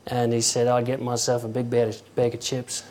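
A man giving an informal sermon in a halting, conversational way, often restarting his words and acting out quotes. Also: mid-range voice, monotone, darkish tone. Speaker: preacher.

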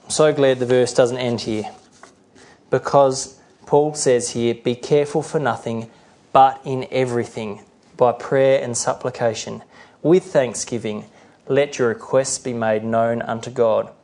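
A man's voice: medium pitch, fairly even intonation, measured pace, darkish tone. A middle-aged male pastor preaching a sermon earnestly, sometimes acting out the voices he quotes.

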